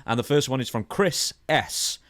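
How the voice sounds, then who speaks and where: A man's voice: medium pitch, animated, moderate pace, a bit bright, dry recording. A British man co-hosting a casual podcast, reading listener questions and adding teasing asides. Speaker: podcast co-host.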